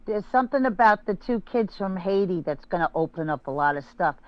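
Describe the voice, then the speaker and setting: A woman's voice: mid-range voice, lively intonation, a little fast, no echo, lo-fi sound. A middle-aged woman speaking as a podcast guest in casual chat, emphatic and exclamatory, often stammering and restarting. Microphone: phone.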